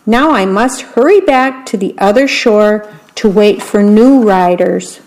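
A woman's voice: medium pitch, unhurried, a little mellow, lightly acted, poor audio. A woman reading aloud as a proud, rule-bound male mosquito ferryman with a bossy manner.

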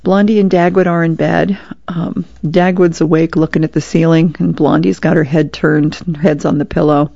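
A woman volunteer reader talks through newspaper comic strips in a chatty, easy way. Her voice is low, dark and gravelly. The recording is dry, with a dull lo-fi radio sound. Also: flat delivery, moderate pace, dry recording. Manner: chatty, with small laughs. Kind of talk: reading comics aloud on radio.

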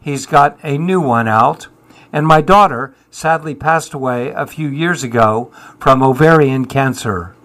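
An older man in his seventies who talks at an unhurried, measured pace. His voice sits in an ordinary middle register, and his answers are wry and self-deprecating. He reflects on his life with a dry sense of humour. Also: medium pitch, fairly bright tone. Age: 70s. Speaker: musician guest.

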